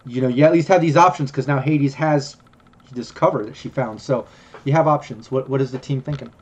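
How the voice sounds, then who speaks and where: A man's voice: medium pitch, a little fast. A man narrating a tabletop game as game master, rambling with many ums and restarts.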